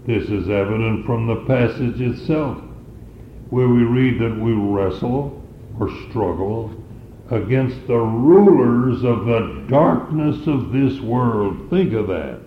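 A man preaching a sermon in a measured, emphatic way, repeating key phrases for weight. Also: mid-range voice, expressive. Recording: roomy, dull lo-fi sound with faint noise.

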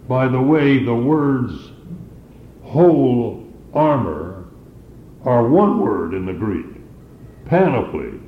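A preacher with a mid-range voice delivers a sermon deliberately slowly, leaning on and repeating key phrases. The room is roomy and echoing, and the recording is dull and lo-fi with a faint hiss underneath.

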